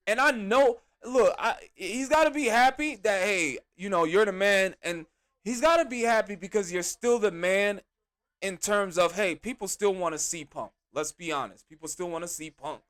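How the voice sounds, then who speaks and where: A man hosting a podcast, reviewing a wrestling show in an animated, exasperated rant full of slang. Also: sits high, moderate pace. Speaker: podcast host.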